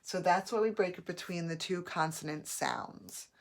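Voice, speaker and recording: A woman teaching a phonics lesson, sounding out words slowly and clearly, syllable by syllable. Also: fairly low pitch.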